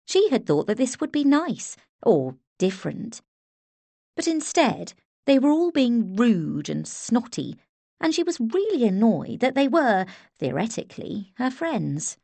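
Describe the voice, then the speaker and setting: A woman's voice: fairly high pitch, very animated, measured pace, creaky, warm tone, no room sound. Woman narrating an audiobook, dry close sound. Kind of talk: scripted narration.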